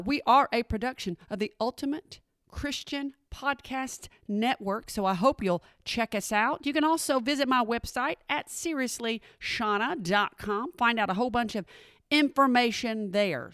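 A middle-aged woman, hosting a podcast and chatting with her listeners, calling them y'all. Her voice is a little hoarse, with an occasional frog in her throat. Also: on the high side, moderate pace, a bit bright, no echo, studio quality. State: slightly hoarse, clearing throat. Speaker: podcast host. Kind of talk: casual chat.

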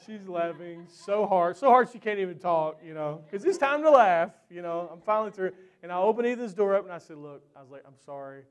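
A man preaching a sermon who tells a personal story in an animated, chatty way with lots of fillers, then closes in prayer. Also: high voice, a little fast, hardly any pauses.

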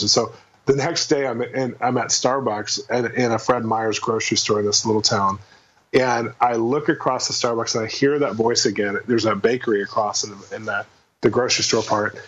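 A man telling a personal faith story in a casual interview, fast and animated, acting out the quotes. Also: medium pitch, muffled recording, a little hiss or hum. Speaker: guest minister.

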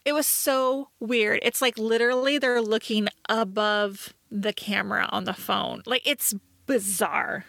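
A woman co-hosting a podcast in casual chat, talkative and quick to laugh, with lots of "like" in her speech. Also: on the high side, steady tone, creaky, fairly bright tone, no echo. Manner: chatty, laughs often, says "like" a lot. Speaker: podcast co-host reviewing a TV movie.

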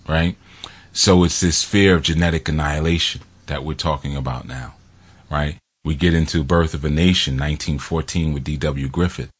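A man's voice: a bass voice, husky. A man talking in a rambling, casual monologue, laughing often and acting out quotes from films.

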